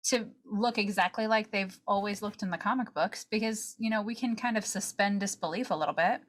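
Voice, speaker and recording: A woman's voice: mid-range voice, brisk. A woman co-hosting a podcast, talking casually and giving her opinions. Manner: opinionated, conversational. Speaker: podcast co-host. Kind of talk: casual chat.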